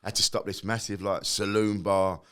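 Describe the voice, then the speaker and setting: A middle-aged man, a guest comedian telling lively anecdotes and acting out quotes, swearing freely. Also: fairly low pitch, normal speed, smooth.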